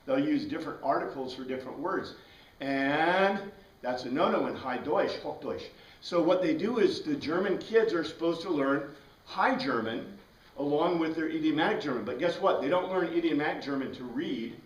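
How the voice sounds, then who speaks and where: A man's voice: a little high, animated, moderate pace. A man teaching a Bible class in a casual, conversational lecture style, often checking in with the class by asking "right?". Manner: conversational, asks the class questions, frequent "right?". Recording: echoey room from a distance.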